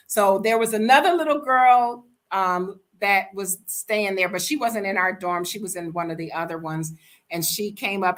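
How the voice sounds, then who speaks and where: Older woman, blunt storyteller, bright and forceful. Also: fairly low pitch. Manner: sassy, blunt, animated storyteller. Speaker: vlogger telling a travel story. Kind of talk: casual storytime monologue.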